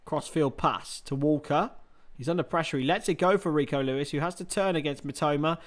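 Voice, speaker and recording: A man calling a match on his own livestream, loose and chatty with plenty of self-mocking jokes. His voice sits a little on the high side for a man. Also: brisk. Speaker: livestream host. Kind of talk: casual watchalong commentary.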